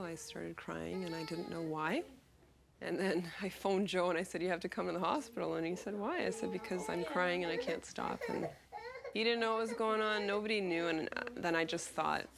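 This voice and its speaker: A woman speaking in a documentary interview as a new mother, outspoken and loud. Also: lowish voice, steady tone, a little fast, creaky. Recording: music playing under the voice.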